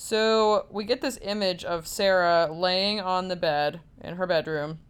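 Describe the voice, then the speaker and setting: A woman's voice: fairly low pitch, fairly even intonation, unhurried, clean tone. A young woman casually recapping a horror film's plot, talking loosely with lots of fillers and the odd swear word. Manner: casual, filler-heavy storytelling with frequent "like" and swearing. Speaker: film recapper.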